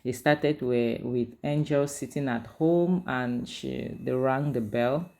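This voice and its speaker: Slow, creaky and mellow, a woman with a very deep voice reviews and recaps a drama series. She's chatty and opinionated, leaning often on "like" and "you know."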